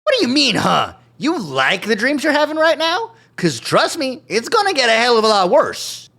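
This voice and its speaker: A man voicing a small, screeching weasel thug with a grating, nasal voice, yelling threats. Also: very high voice, huge pitch swings, moderate pace, creaky, voice pushed up, exaggerated voice. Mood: menacing.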